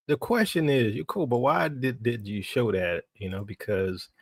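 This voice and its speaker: A man's voice: medium pitch, no room sound, studio quality. A man hosting a ministry livestream in a chatty, casual way, checking in with his viewers and often repeating himself.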